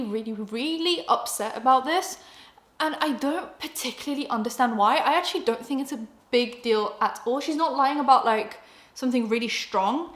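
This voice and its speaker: A woman's voice: fairly high pitch, a bit bright, reverberant. A young British woman giving rambling, casual commentary with lots of filler words. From Britain. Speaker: beauty YouTuber.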